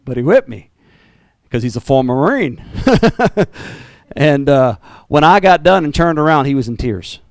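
A man preaching a sermon as pastor, animated, with sudden jumps in pitch and repeated words. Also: unhurried, dry recording.

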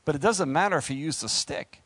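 A man preaching and reading scripture, breaking into lively, joking asides to the congregation. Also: a little high, a little fast, breathy edge, dry recording. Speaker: preacher leading a Bible study.

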